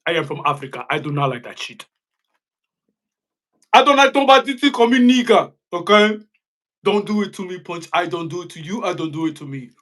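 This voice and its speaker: A man's voice: sits high, brisk, fairly bright tone. A man mimicking a stiff, self-righteous commenter. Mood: scolding. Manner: formal, scolding, insistent.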